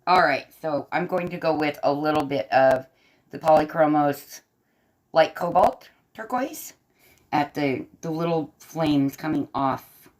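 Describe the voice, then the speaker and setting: A woman's voice: deep voice, measured pace. Chatty woman livestreaming from bed. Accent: faint Southern American. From American South. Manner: chatty, laughs often, reads and answers chat. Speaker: livestream host and artist. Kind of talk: casual livestream chat while coloring. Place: bedroom, propped up in bed.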